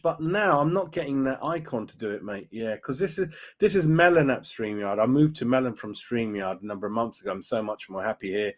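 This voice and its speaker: A man's voice: medium pitch, a little fast. Chatty man live-streaming. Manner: chatty, opinionated, keeps adding "mate" and "right?". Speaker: fan channel live-stream host. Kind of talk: casual live-stream chat reading viewer comments.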